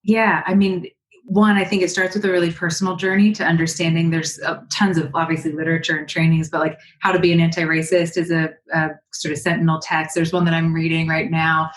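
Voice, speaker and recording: A woman from California, a guest coach on an interview podcast, telling a personal story in a lively, animated way. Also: low voice, fairly quick, echoey room, a little hiss or hum. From Berkeley, California.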